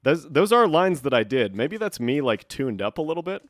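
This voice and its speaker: A man's voice: fairly high pitch, very animated, normal speed, no room sound, clean studio sound. Sarcastic man streaming a game. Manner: sarcastic, joking. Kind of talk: casual gameplay commentary.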